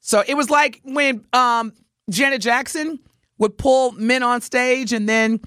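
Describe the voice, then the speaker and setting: A woman co-hosting a morning radio show, telling a story in lively chat and acting out the voices of the people in it. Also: fairly high pitch, slow, dry recording, clean studio sound. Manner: animated, acts out voices while telling a story. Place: radio studio.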